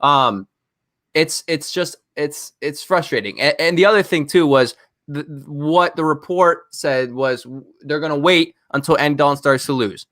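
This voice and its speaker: Bright, exasperated male podcast host. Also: a little high, moderate pace, no room sound, studio quality. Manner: animated, exasperated ranting. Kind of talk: casual chat.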